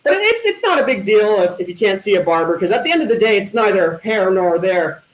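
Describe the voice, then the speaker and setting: A man doing stand-up one-liners at an online talent show, with a deadpan punning delivery and hesitant fillers. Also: high voice, brisk. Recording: echoey room.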